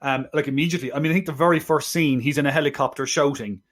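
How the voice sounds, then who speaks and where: A man's voice: on the high side, fairly even intonation. A man co-hosting a film podcast, talking casually with lots of restarts and wry asides. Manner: halting, many restarts, wry. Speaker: podcast co-host.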